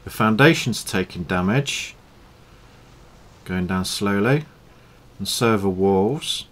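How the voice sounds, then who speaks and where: A young man calmly explaining his gameplay tests in a matter-of-fact commentary. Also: on the low side, slow pace. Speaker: gaming YouTuber.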